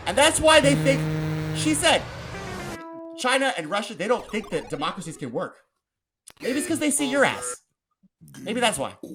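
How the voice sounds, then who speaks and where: A man hosting a casual political talk show, ranting in an animated, profane way. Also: high voice. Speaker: podcast host.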